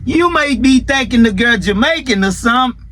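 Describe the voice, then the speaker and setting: A man's voice: very high voice, expressive, moderate pace, fairly bright tone. A man hosting a show, commenting in a laid-back, slangy way with chuckles. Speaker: host. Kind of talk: casual commentary.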